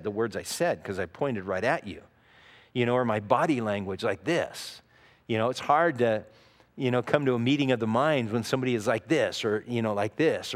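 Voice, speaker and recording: A man preaching a sermon as a pastor, teaching in an earnest, conversational way with frequent asides. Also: mid-range voice. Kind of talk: expository sermon. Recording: long reverb of a large hall.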